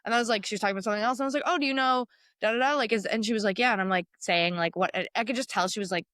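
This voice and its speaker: A woman in her thirties co-hosting a podcast, telling stories in animated casual chat and acting out what others said. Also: medium pitch, dry recording. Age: 30s. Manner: fast, animated storytelling with acted-out quotes. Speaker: podcast co-host.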